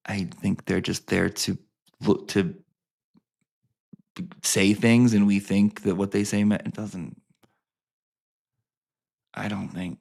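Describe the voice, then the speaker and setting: A man's voice: on the low side, gravelly, darkish tone. A man ranting to his viewers, sarcastic and full of swearing, repeating lines for emphasis. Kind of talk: profane sarcastic rant to camera.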